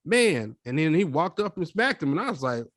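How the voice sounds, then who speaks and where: A young man co-hosts a relaxed podcast and tells his story with lively, acted-out quotes. His voice sits a little high, and the sound is dry and close, with no room echo. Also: fast. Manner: animated storytelling, acts out quotes. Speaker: podcast co-host. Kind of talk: casual chat.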